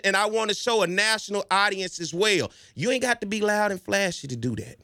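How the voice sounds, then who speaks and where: Male sports fan-show host, high voice, slangy and persuasive, dry close sound. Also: lively intonation, fairly quick, hardly any pauses, pushed and bright, no room sound. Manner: emphatic, persuasive, often addresses listeners directly; slangy and conversational. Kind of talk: casual commentary monologue.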